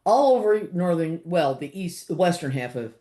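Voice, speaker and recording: A woman in her sixties from Los Angeles, an author chatting as an interview guest, animated and laughing often with many fillers. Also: on the low side, normal speed. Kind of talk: casual interview chat.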